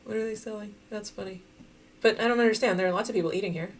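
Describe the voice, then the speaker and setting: A woman's voice: medium pitch, quick pace. Chatty woman thinking aloud over gameplay. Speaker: game streamer. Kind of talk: casual gameplay commentary.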